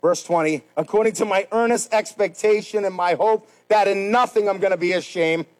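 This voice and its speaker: Man, pastor, high voice, sermon, fervent shouts and quiet pleas. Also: faint music behind, low-quality recording. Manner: preaching with sudden loud rises and quiet, slow pleas.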